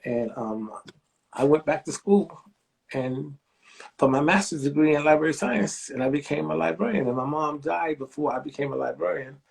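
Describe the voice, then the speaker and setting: A library director in his sixties tells stories during an interview, speaking at a moderate pace with vocal fry and a breathy edge. He's an animated storyteller who acts out the people he quotes, jumping widely in pitch to voice them.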